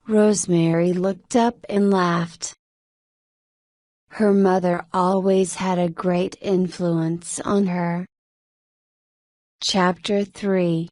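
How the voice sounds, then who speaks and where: A woman narrating a novel slowly and carefully for English learners. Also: on the low side, steady tone, a little mellow, no echo, studio quality. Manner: slow, careful reading.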